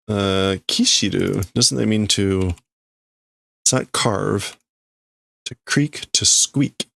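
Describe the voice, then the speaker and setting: A man's voice: fairly low pitch, takes it slowly, creaky, pauses often, a bit bright, dry recording. A man livestreaming as he reads and translates manga in a casual way, thinking aloud and often stopping to correct himself.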